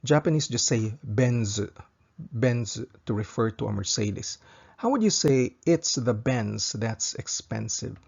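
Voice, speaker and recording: A man teaching a recorded language lesson, speaking slowly and carefully and repeating each example sentence twice for practice. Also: mid-range voice, animated, vocal fry, darkish tone, slightly rough, dull audio.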